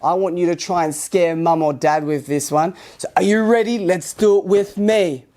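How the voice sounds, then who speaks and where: A woman from Australia teaching a kids karate class, upbeat and encouraging, with loud karate shouts between instructions. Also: lowish voice, moderate pace. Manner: upbeat, encouraging, talking to young children. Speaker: martial arts instructor.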